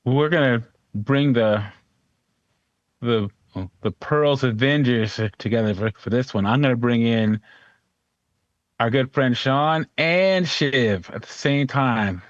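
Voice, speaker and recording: A man's voice: mid-range voice, slow, no room sound. A man co-hosting a call-in show, chatting casually and agreeably. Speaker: co-host. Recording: dry, slightly dull audio.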